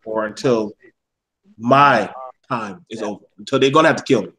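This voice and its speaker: A man's voice: on the low side, normal speed, bright, forceful tone, low-quality recording. A man in a casual panel discussion, speaking bluntly and heatedly, with plenty of swearing.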